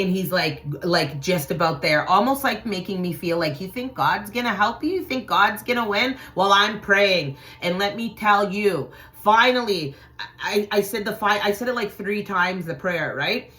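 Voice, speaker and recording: A woman's voice: lowish voice, pushed and bright. A woman hosting a vlog, telling a frightening personal story in an intense, profane, dramatic way. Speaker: channel host.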